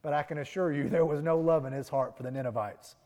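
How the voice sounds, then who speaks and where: A man preaching a morning sermon, earnestly repeating his key lines and swelling to emphatic peaks between quieter stretches. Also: a little high, fast, in a large hall. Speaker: pastor.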